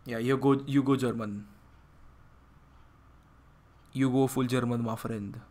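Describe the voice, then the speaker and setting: A man hosts a livestream and banters casually with friends over voice chat, chatty and quick to laugh at himself. His voice sits at a middling pitch. The headset mic is held very close to his mouth. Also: fairly even intonation, a little mellow. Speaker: stream host.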